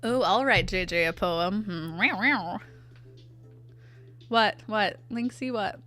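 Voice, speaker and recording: A woman's voice: medium pitch, slow, fairly bright tone, soft background music. A young woman chatting playfully with her live chat as she draws, answering them aloud. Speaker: artist streamer. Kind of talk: casual livestream chat while drawing.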